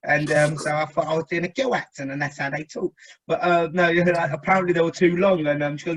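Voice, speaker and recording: A man's voice: on the high side, fairly even intonation, fast talker, highs cut off. A man hosting a casual podcast discussion, talking in a rambling, chatty way and asking the others for their views. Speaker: podcast host.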